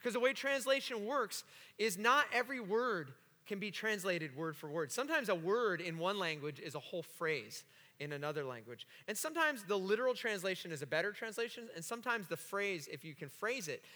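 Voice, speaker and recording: A pastor preaching a sermon to his congregation, animated and joking with the room. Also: high-pitched, brisk. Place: church sanctuary. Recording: long hall reverb.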